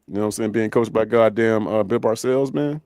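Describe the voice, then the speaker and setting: A man hosting a casual sports talk show, animated and profane, his voice jumping up when he gets worked up. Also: brisk, dry recording, clean studio sound. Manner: animated, profane, jumps up in pitch when excited. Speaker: podcast host.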